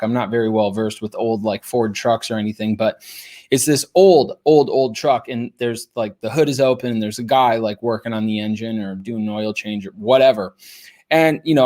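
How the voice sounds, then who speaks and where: A young man hosting a podcast, telling a story casually with many fillers. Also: mid-range voice. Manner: casual, animated, lots of fillers. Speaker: podcast host.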